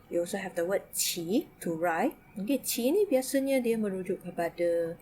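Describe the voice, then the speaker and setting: A woman's voice: fairly low pitch, animated, a little fast, few pauses, noisy background. A woman from Malaysia with a Malaysian English accent, teaching a Mandarin lesson. She mixes English, Malay and Mandarin and says "okay" again and again. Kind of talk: recorded online lesson.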